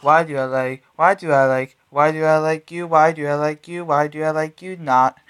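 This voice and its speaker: A man's voice: fairly high pitch, fairly even intonation, normal speed, a bit bright, smooth. Young male singer, sassy and taunting, stuttered repeats, spoken-sung delivery. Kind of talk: sung pop track with spoken-sung verses.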